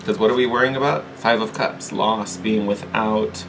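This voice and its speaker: A man giving a casual, chatty tarot reading, animated and quick to laugh, often repeating himself. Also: on the low side, noisy background. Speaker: tarot reader.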